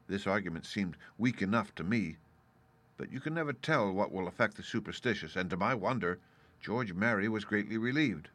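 A man reading a story aloud in steady, measured scripted narration. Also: lowish voice, no echo. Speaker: audiobook narrator.

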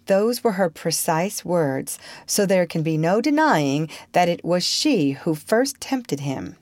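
A woman narrating a storybook in a gentle, expressive way. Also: on the low side, slow pace, few pauses, dry recording.

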